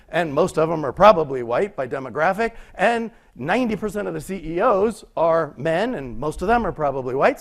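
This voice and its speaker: Male conference speaker, slightly high voice, casual, rhetorical questions. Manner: conversational, rhetorical questions, frequent "right?". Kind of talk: conference talk. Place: lecture room.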